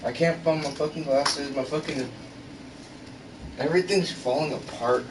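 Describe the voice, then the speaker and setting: A man's voice: a little high, steady tone, moderate pace. A man ranting in a casual vlog, frustrated and exasperated, swearing constantly, recorded in his bedroom. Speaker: gaming channel vlogger. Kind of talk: casual rant to camera. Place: bedroom at home. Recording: roomy, far from the mic, noisy background.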